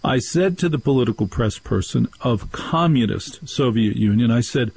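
A husky, mid-pitched man hosts a talk radio show. He tells stories in an animated way and does the voices of the people in them. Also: moderate pace, low-quality recording. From New Jersey. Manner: animated storytelling, acts out quoted voices.

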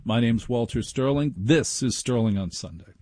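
A man hosting a radio talk show from his home, rambling sardonically and mocking listeners in high put-on voices. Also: moderate pace, loud music behind the voice. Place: home laundry room studio.

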